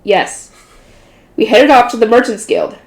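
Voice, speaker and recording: A tired woman with a higher-pitched voice reads a light novel aloud at normal speed, yawning as she goes. She's casual about it, correcting her slips and adding chatty asides, and the recording has a roomy echo.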